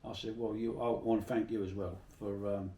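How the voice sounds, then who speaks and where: A man's voice: lowish voice, flat delivery, fairly quick, warm tone, echoey room, recorded from a distance. A middle-aged man from Bermondsey with a South London accent, telling salty stories in a casual interview. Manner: chatty, salty, swears freely while telling anecdotes.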